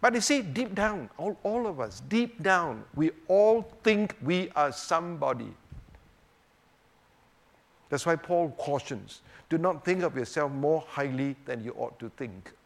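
Animated man preaching with rhetorical questions. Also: a little high, a little slow, gravelly. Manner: rhetorical questions, swings between emphatic and hushed. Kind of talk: Bible teaching sermon.

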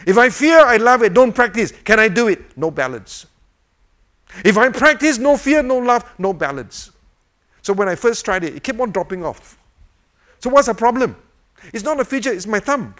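An older man giving an informal sermon, animated and full of rhetorical questions, chuckling as he demonstrates a fidget toy. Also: high-pitched, normal speed. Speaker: preacher.

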